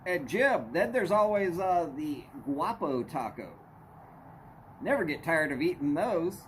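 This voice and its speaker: A man's voice: on the high side, very animated, unhurried, a little hiss or hum. A man hosting a casual livestream, chatting with viewers and greeting them by name. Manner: greets viewers by name, folksy drawl, y'all. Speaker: livestream host.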